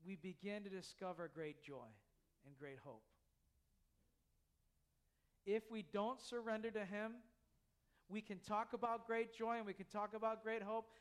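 A man's voice: high-pitched, clear, resonant tone. A man preaching a sermon in church, earnest and full of repetition. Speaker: pastor.

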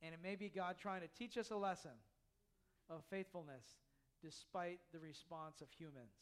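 A man's voice: on the high side, moderate pace. A man preaching a sermon in church, earnest and full of repetition. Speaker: pastor.

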